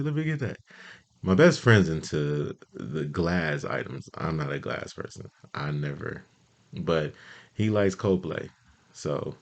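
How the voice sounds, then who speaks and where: A man with a low voice tells casual, profanity-laced stories to the listener. He talks loosely, with lots of fillers, and keeps an animated energy. His pitch leaps far up when he acts out his friends. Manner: jumps much higher when quoting friends. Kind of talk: casual storytelling monologue.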